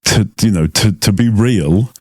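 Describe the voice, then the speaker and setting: A middle-aged man co-hosting a casual podcast, agreeable and unhurried, searching for words with many fillers. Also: on the low side, a little mellow, no echo, studio quality. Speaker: podcast co-host.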